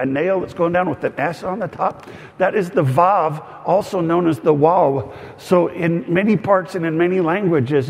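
A man's voice: fairly high pitch, creaky. A man preaching as a pastor, teaching in a conversational way with humorous asides and frequent fillers and restarts. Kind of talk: teaching sermon. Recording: long hall reverb.

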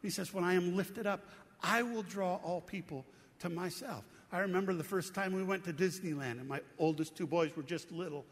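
Male pastor, middle-aged, earnest conversational sermon, high voice, long hall reverb. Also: normal speed. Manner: earnest, conversational preaching with rhetorical questions. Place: church sanctuary.

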